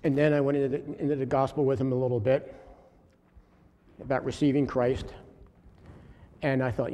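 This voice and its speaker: A man telling his congregation a faith story in an earnest, halting way, often restarting his sentences. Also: medium pitch, little pitch movement, warm tone. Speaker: lay preacher sharing a testimony. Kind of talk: informal church testimony. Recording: long hall reverb, faint room noise.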